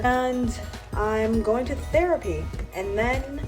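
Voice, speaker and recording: A young woman talking casually to the camera in a vlog, animated and outspoken, chatty and self-joking. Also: on the low side, normal speed, over music. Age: young adult. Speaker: student vlogger.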